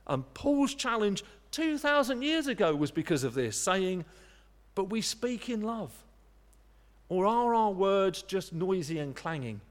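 A man's voice: high voice, long reverb tail. A man preaching a sermon in an earnest, conversational way, with frequent restarts. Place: church.

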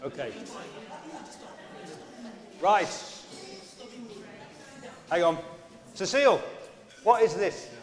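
A high, expressive male voice moves extremely slowly, with long pauses, through a playful children's talk with props in a large church. He's chatty and coaxes the kids along, and the echoey hall adds long reverb.

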